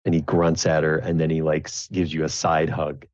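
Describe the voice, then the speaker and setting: Male game master, deep, halting narration; dull, dry recording. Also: completely flat delivery, no room sound. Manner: rambling, halting, many fillers.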